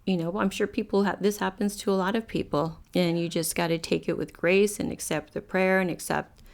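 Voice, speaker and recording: Brief: woman, lowish voice, reflective testimony, halting and searching for words. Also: fairly even intonation. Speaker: story contributor.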